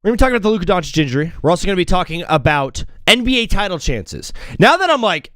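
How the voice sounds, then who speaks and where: Male sports show host, high and lively voice, excitable rambling delivery, dry close sound. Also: rapid-fire, hardly any pauses, dry recording. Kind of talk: casual live sports talk.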